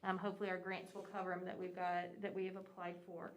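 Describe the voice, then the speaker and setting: A woman's voice: fairly low pitch, completely flat delivery, fast talker, a little hiss or hum, poor audio. A woman city commissioner giving a council meeting report, rambling with many fillers.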